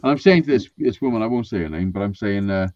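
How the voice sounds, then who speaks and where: A man's voice: fairly low pitch, quick pace, dry recording, dull audio. A man telling wild stories in a casual group chat, swearing a lot and acting out what people said. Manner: animated, swearing, acts out quotes.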